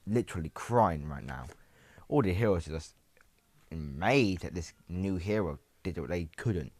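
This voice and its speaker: Rambling low-voiced man narrating a story. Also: lively intonation, a little mellow, no room sound. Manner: rambling, halting, many restarts and asides to viewers. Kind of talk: casual improvised story narration.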